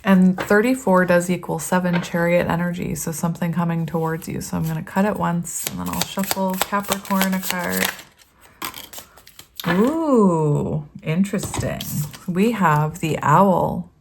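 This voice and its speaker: Chatty low-voiced woman reading tarot. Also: unhurried, vocal fry, noisy background. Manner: chatty, rambling, laughs often, reads card text aloud. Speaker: tarot reader. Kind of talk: casual tarot reading monologue.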